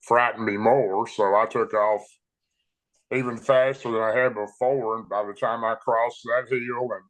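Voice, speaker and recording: A man recounting his own encounter in a plain, unhurried, folksy way. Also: on the low side, a bit bright, poor audio. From Tennessee, USA. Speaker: eyewitness storyteller. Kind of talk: personal account told aloud.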